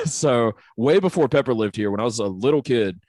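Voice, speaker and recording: A man's voice: medium pitch, expressive, a little mellow, no room sound. A man co-hosting a casual podcast chat, telling crude stories with plenty of swearing. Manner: crude, fast storytelling. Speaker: podcast co-host.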